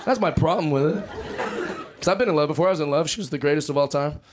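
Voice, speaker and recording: Wry self-deprecating guy in his 30s doing standup, pretty high voice, lots of noise on the recording. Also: fast talker. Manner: wry, self-deprecating, acts out little scenes. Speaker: stand-up comedian. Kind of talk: stand-up routine. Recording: loud noisy live recording.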